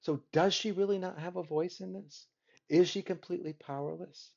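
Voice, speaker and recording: This man's voice is high-pitched and a little mellow, with vocal fry, fairly even intonation, and a moderate pace. Teaching literature, he talks through a story and often asks listeners a rhetorical "right?" in a dull lo-fi lecture recording.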